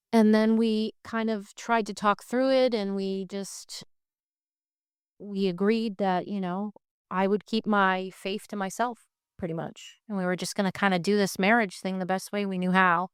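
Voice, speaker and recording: Frank woman telling her story, smooth voice. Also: medium pitch, fairly even intonation, unhurried, no room sound, studio quality. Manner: straightforward and frank. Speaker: guest sharing her faith testimony. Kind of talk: candid conversational storytelling.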